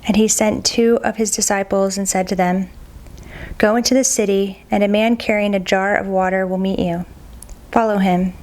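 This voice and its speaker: A woman reading scripture aloud at a steady, measured pace, sometimes stumbling on a hard name and repeating it. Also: medium pitch. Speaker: Bible reader.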